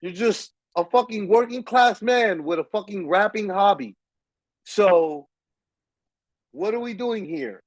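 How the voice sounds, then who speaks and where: Animated, husky, profane American man. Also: high voice, measured pace, no echo, low-quality recording. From United States. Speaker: stream co-host. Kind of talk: casual live-stream chat.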